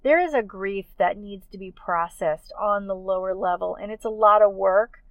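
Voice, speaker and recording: Gentle, earnest woman podcast host. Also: medium pitch, moderate pace, no echo, phone-quality sound. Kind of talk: encouraging faith-based podcast talk.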